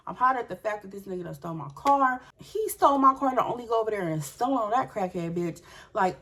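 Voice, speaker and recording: A young woman telling viewers a story in an animated, profane way and speaking straight to them. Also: medium pitch, fairly quick. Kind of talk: storytime vlog.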